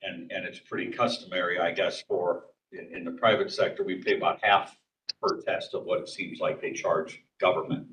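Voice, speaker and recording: A man's voice: low-pitched, flat delivery, normal speed, fairly bright tone. A man on a county council asking direct questions about costs at a public meeting. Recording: echoey room, distant mic.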